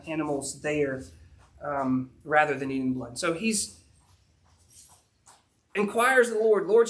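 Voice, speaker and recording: High-voiced preacher, folksy. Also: male voice, a bit bright. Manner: folksy storytelling with frequent fillers. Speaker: pastor. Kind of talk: sermon, retelling a Bible story.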